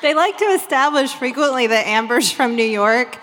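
Woman, co-host, wry movie chat, laughs a lot, high pitch, live stage reverb. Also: expressive, fairly bright tone, a little hiss or hum. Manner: laughing, quick wry commentary. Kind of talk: live comedic movie discussion. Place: stage before a live audience. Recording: live stage recording with long hall reverb.

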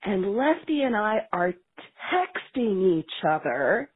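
A woman calling in to a podcast, telling a story in an expressive, swearing, casual way. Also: mid-range voice, slow pace, husky. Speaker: caller. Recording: tinny phone line.

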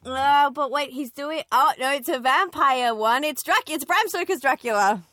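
A woman's voice: high-pitched, normal speed, pushed and bright, no room sound, clean studio sound. A woman on a comedy panel, telling chatty anecdotes.

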